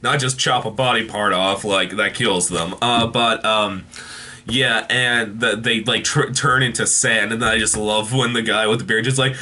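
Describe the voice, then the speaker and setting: Man, casual TV review, bright voice, rambling with lots of ums and restarts. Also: fairly low pitch, measured pace. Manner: rambling, many fillers and restarts. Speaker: TV episode reviewer.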